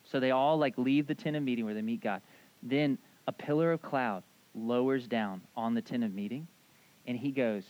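A man in his thirties preaching a sermon, animated and casual, acting out voices in his retelling. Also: mid-range voice, brisk, creaky, highs cut off. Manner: animated storyteller, acts out voices, casual asides. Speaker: pastor.

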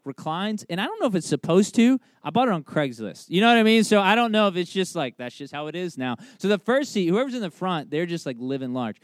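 A man's voice: a little high, clean tone, dry recording. A man in his thirties preaching a sermon, conversational and emphatic, with humorous family stories and repeated key phrases. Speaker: pastor.

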